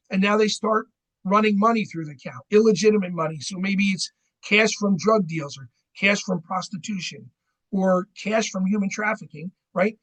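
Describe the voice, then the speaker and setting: A man's voice: high voice, a bit bright, poor audio. A middle-aged man gives a seminar on fraud, chatting with the audience and often asking "right?". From New Jersey. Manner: conversational, keeps asking "right?". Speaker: credit union fraud educator.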